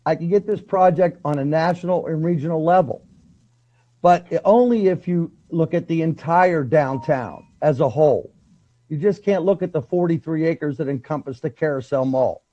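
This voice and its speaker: A man's voice: fairly high pitch, moderate pace. A man presenting his firm's plan to a city council, confident and emphatic, rattling off lists. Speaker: firm president presenting to council. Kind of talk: business presentation. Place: council chamber. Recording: dull lo-fi council audio.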